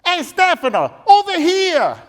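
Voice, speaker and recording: A man's voice: very high-pitched, wildly swooping pitch, unhurried, long reverb tail, voice pushed up, heavily acted. A man voicing an older father who coaxes his son in broken English. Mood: calling out. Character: pushy older Italian father, loud and coaxing.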